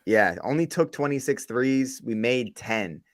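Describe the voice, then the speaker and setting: A man's voice: medium pitch, lively intonation, a little slow, no echo, clean studio sound. A young man co-hosting a sports podcast, casual and slangy, exasperated about the team. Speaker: podcast co-host.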